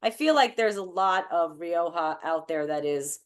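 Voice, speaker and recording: A woman's voice: fairly low pitch, expressive, normal speed. A woman in a wine club chatting on a video call, rambling enthusiastically and correcting herself as she goes. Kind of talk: casual chat on a video call.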